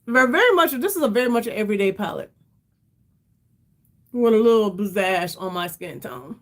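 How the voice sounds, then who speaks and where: A woman's voice: medium pitch, expressive, a little fast. A middle-aged woman hosting a casual makeup livestream, chatty and rambling, calling her viewers "y'all" and sounding tired. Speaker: beauty livestream host.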